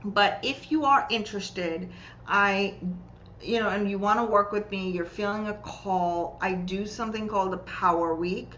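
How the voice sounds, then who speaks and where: A woman healer and coach, a guest, telling client stories in a lively way and acting out what people said. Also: medium pitch, moderate pace, muffled recording, a little hiss or hum. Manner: lively, acts out quoted voices while telling client stories. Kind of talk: conversational storytelling.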